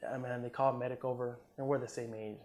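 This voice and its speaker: A man's voice: medium pitch, fast. Laid-back veteran man, swearing storyteller. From Southern California. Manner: relaxed, profane, lots of "man" and "you know", acts out quotes. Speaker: interview guest, Army combat veteran. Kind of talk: casual storytelling interview.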